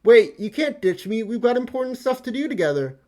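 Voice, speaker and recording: A high, bubbly troll girl who teases and exclaims in sing-song bursts, as a man reads a comic aloud and puts on her voice. She bounces around on her words, eager and scheming. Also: very animated, fairly quick, a little mellow. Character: gleeful teenage troll girl, excitable and teasing.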